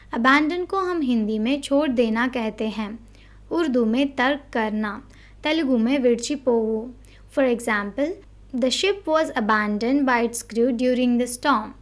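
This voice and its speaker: A woman teaching English vocabulary in a measured, explanatory way, reading out definitions and example sentences. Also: fairly high pitch. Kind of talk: instructional word-by-word lesson.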